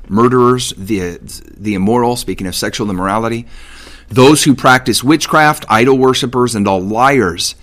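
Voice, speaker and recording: A man giving a casual Bible teaching, paraphrasing God's words in everyday speech with lively emphasis. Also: fairly low pitch.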